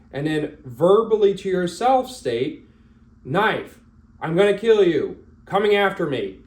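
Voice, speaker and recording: Blunt, casual male firearms instructor. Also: medium pitch. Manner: blunt, profane, acts out scenarios.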